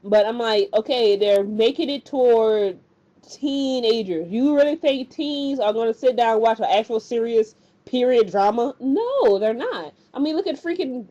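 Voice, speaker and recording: A woman's voice: fairly high pitch, normal speed, warm tone. A woman casually recapping a TV episode, rambling and colloquial, and acting out the characters' lines as she goes. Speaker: TV recap vlogger. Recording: dull lo-fi recording.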